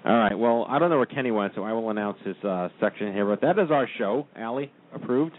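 Man, show host, upbeat, rapid talk, tinny phone sound. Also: fairly low pitch. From Brooklyn, New York. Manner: upbeat, quick, keeps things moving. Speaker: podcast host. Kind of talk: casual radio talk show chat. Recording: tinny phone-line sound with faint hiss.

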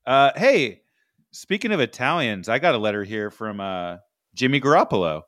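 A man's voice: medium pitch, expressive, moderate pace, fairly bright tone, dry recording, clean studio sound. Laid-back wry podcast host, a man. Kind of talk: comedic sports podcast banter.

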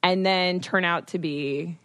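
A woman's voice: lowish voice, fairly even intonation, slow pace, a bit bright, no room sound, studio quality. A young woman co-hosting a podcast in casual, reflective chat, laughing now and then. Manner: chatty, reflective, laughs often. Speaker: podcast co-host.

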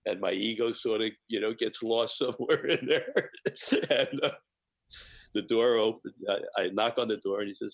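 An older man telling animated anecdotes as a podcast guest, often laughing between phrases. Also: on the low side, moderate pace, gravelly. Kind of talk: storytelling in a podcast interview.

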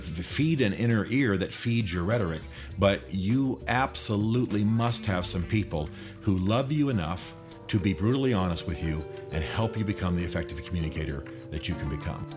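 A man's voice: sits low, breathy edge. A man who coaches public speakers, giving earnest, conversational advice with firm emphasis. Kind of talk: advice talk to camera.

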